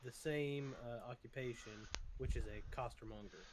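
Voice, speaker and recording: An easygoing man at a streamed tabletop game, talking through his character in a casual, relaxed way. A faint hiss and a few clicks sit behind his voice. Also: mid-range voice, normal speed. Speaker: player.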